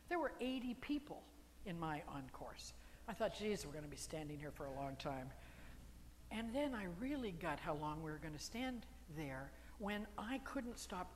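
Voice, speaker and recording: A middle-aged woman minister preaching energetically, coaxing her congregation to join in. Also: a little high. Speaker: guest minister. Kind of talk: sermon. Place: church hall. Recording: hall reverb with faint room noise.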